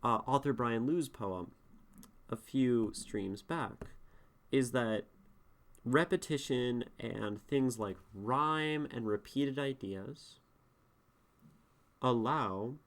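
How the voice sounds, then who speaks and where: Relaxed male streamer critiquing poems. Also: mid-range voice, extremely slow, long pauses. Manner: relaxed, thinking aloud, reads lines and breaks them down. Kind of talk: live-stream poetry critique.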